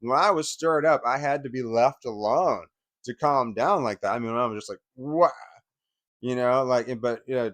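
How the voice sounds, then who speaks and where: A man's voice: mid-range voice, normal speed, a bit bright, no echo. A man telling a painful personal story in a rambling, emotional way, swearing and using lots of fillers. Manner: rambling, emotional, profane retelling with many fillers. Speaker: channel host sharing personal history.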